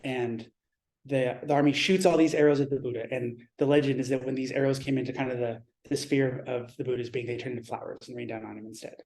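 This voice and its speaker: Male Zen teacher, dharma talk; mellow, warm tone, reflective delivery with pauses. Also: medium pitch, steady tone. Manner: reflective, measured, with pauses and restarts.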